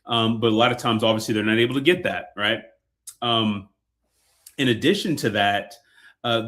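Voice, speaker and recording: A man leads a casual sales webinar, his voice on the low side. He talks loosely, with many fillers and restarts. His words come in an easygoing, chatty stream. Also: fairly bright tone. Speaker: webinar presenter.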